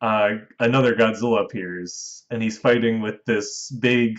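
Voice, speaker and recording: A man's voice: on the low side, steady tone, measured pace, few pauses, muffled recording. Man casually recapping a movie plot. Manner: recaps the plot at length, with chuckles. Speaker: podcast host recapping a film. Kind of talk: casual chat.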